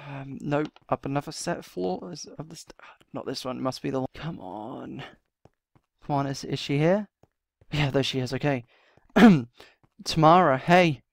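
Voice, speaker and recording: Out of breath, a man playing his character in a roleplay series mutters and sighs to himself, then begs urgently. His voice is a little high, gravelly and unhurried, and there's no room sound.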